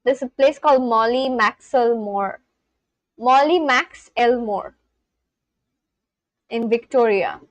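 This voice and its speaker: A young woman from India chatting casually on a livestream, reading out viewers' comments and reacting with gushing excitement. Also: fairly high pitch, slow pace, long pauses, no room sound, poor audio. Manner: gushing, reads chat aloud and reacts.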